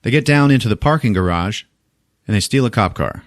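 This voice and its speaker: A man hosting a podcast, recapping a movie in a casual, profane, animated way and laughing often. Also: lowish voice, brisk, no echo, clean studio sound. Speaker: podcast host.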